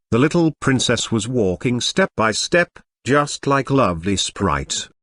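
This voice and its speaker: A man narrating a web novel as an audiobook, with steady storytelling. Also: mid-range voice, dry recording, studio quality.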